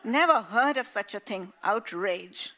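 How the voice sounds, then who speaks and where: A woman voicing a gruff, iron-willed old grandfather who blusters loudly in a storybook reading. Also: medium pitch, normal speed, lightly acted. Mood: blustering. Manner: loud and blustering.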